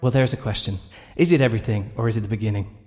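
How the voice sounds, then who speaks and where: A man's voice: fairly low pitch, rapid-fire, darkish tone, breathy edge. A man co-hosting a film podcast, chatting playfully and hyping things up like a showman. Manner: playful, mock-showman hype. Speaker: podcast co-host. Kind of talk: casual chat. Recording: long reverb in a hot studio with a fan.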